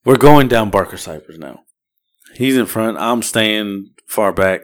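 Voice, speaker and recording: A man's voice: on the low side, lively intonation, a little slow. A man, co-hosting a podcast and telling a rambling, profane story in casual chat. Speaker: podcast co-host.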